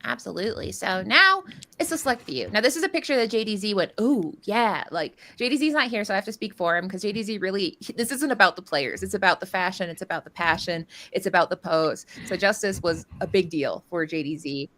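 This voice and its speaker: A woman's voice: mid-range voice, animated, fast, pushed and bright. A woman casting a live card game tournament, chatty and jokey, rambling through player intros and stories. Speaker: caster. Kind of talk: live game commentary banter.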